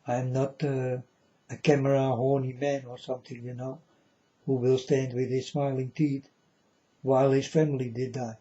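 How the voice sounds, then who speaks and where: A man's voice: medium pitch, level tone, normal speed, mellow, highs cut off. A man talking straight to his viewers in a rambling, earnest monologue, calling them folks and insisting he is serious.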